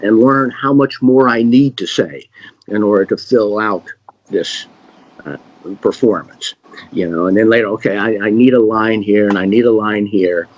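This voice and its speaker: Low-voiced man talking loosely. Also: moderate pace, poor audio. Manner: relaxed, rambling, many fillers and restarts. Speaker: magician answering questions. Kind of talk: casual conversational Q&A.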